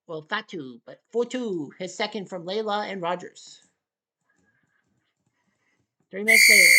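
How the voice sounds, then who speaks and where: A woman giving play-by-play commentary on a table hockey game, with excited goal calls and sarcastic asides to the viewers. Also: medium pitch, very noisy.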